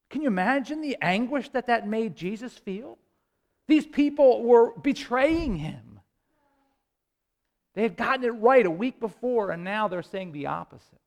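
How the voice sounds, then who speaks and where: A man preaching a sermon with impassioned delivery, swinging between loud rises and hushed low passages, with halting restarts. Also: lively intonation. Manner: impassioned, rising and falling, dramatic pauses.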